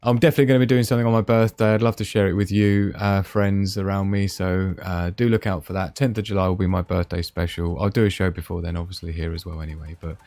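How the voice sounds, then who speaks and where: A man's voice: low-pitched, steady tone, fast, vocal fry, few pauses, darkish tone, no room sound, faint music behind. A man hosting a casual live stream, chatting and laughing as he reads out memes. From Scotland.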